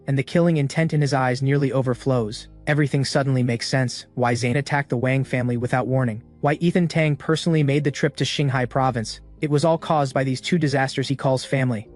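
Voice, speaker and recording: A man narrating a comic recap in an even, dramatic storytelling voice. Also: medium pitch, fairly quick, few pauses. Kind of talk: scripted narration of a manhwa recap. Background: faint background music.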